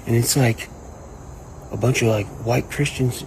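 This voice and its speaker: A man ranting casually and profanely, rambling and animated. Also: mid-range voice, moderate pace, pauses often, a little hiss or hum, poor audio. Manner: profane, rambling, animated, quotes people in mock voices. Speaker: online commentator. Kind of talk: casual rant to camera.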